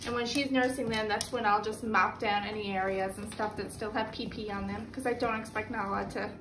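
A woman narrating a casual home vlog, chatty and giggly, cooing baby talk to puppies in a warm room, filmed on a handheld camera. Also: mid-range voice, fairly even intonation, fairly quick, background noise. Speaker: dog breeder vlogger. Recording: echoey room with music underneath.

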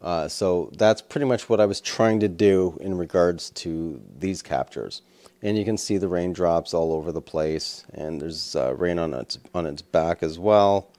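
A man's voice: low-pitched, a little slow, a little mellow. A man, a wildlife photographer, casually talking through his photos and camera settings in a rambling, easygoing way with plenty of fillers. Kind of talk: casual commentary over photos.

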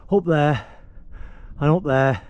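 A man's voice: fairly high pitch, slow, darkish tone. Chatty man filming while scrambling up a ridge. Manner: chatty, self-deprecating, exclaims while climbing. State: cold, exerting himself climbing. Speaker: hiking vlogger. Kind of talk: breathless on-the-go commentary. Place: outdoors on a rocky mountain ridge. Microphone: handheld or body-mounted action camera.

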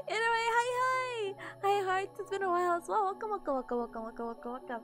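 A woman's voice: very high voice, normal speed, fairly bright tone, soft background music. A sleepy woman streamer chatting casually with her viewers, giggling often and greeting people in chat.

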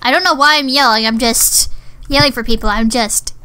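A woman's voice: a little high, normal speed, pushed and bright, clean tone. A woman talking to herself while playing a shooter game, muttering, swearing and getting exasperated. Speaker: gamer. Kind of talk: gameplay commentary.

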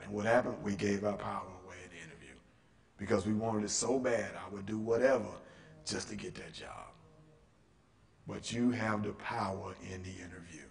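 A man leading a lively teaching session in a church room, acting out quotes and firing off rhetorical questions to the audience. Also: lowish voice, vocal fry. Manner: animated, acts out quotes and asks rhetorical questions. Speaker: workshop speaker. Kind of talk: interactive teaching talk.

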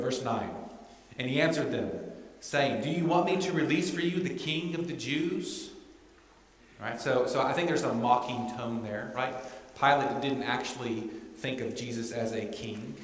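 Male pastor, mid-pitched, preaching a chatty sermon in a reverberant sanctuary. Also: a bit bright. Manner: conversational, often asks "right?". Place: church sanctuary. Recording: echoey church hall.

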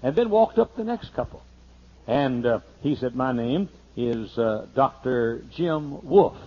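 A man pastor telling a humorous, folksy story during a sermon, slowing down to list items one by one. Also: mid-range voice, lively intonation. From United States. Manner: folksy and humorous, lists things slowly. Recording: muffled older sermon tape.

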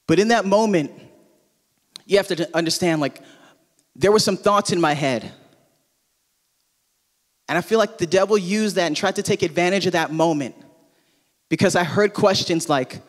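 Pastor from Hawaii, ringing hall reverb. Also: male voice, high voice, moderate pace, pauses often. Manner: animated storyteller, casual with frequent fillers. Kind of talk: sermon with personal storytelling. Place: church auditorium. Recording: long reverb from a large hall.

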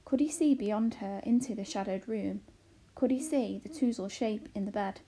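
A woman teacher reading a children's novel aloud slowly and carefully, with occasional self-corrections. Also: medium pitch, dark tone, breathy edge.

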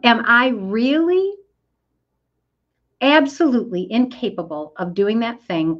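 A middle-aged woman coaching listeners in a motivational talk, earnest and emphatic, speaking to them directly. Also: medium pitch. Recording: dull lo-fi audio.

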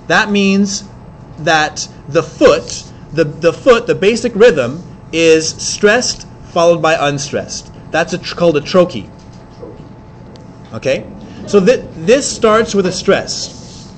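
High-voiced man lecturing a class. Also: animated, a little hiss or hum. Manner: explains quickly, repeats himself, counts beats aloud. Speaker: English teacher.

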